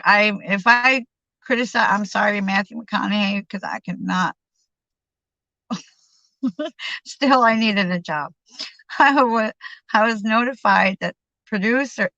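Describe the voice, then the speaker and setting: A woman's voice: mid-range voice, sharp tone, dry recording. A woman reading a memoir aloud on a live stream, stumbling and restarting over words. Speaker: reader. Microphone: streaming microphone. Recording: dull lo-fi sound.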